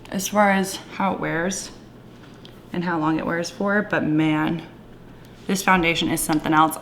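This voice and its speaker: A woman talking through her makeup in a casual, gushing vlog, with a playful put-on Southern twang and soft whispered asides. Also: fairly low pitch, a little hiss or hum. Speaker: beauty vlogger. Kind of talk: casual makeup tutorial chat.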